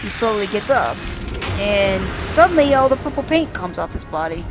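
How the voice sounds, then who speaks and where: A woman's voice: mid-range voice, big pitch swings, moderate pace, over music. A woman casually narrating a video game playthrough, describing the screen aloud and swearing now and then. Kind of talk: casual let's-play narration for blind listeners.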